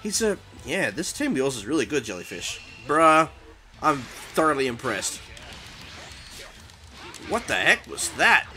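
Excitable man, lively high voice. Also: measured pace, pauses often. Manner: excitable, panicky reactions, talks to opponent. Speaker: gaming YouTuber. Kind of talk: live gameplay commentary. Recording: game music behind voice.

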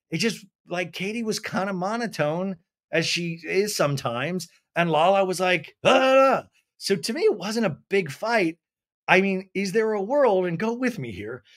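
A tipsy male podcast host giving a casual, animated, rambling TV recap. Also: high voice.

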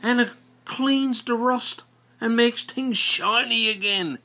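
A man's voice: very high-pitched, slow, pushed and bright, pitched above the performer's own voice, heavily acted. A man voicing his plainspoken male neighbor, explaining things bluntly.

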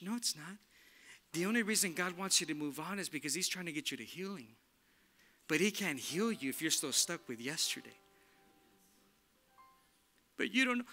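High, bright-voiced casual preacher man. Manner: casual, slangy, emphatic, repeats "look". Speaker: pastor. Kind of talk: sermon. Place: church.

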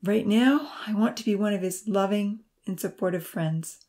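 A woman's voice: mid-range voice, moderate pace, mellow, close to an everyday voice. A woman reading the lines of an earnest young female nurse in a storybook, speaking with heartfelt sincerity. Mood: thoughtful.

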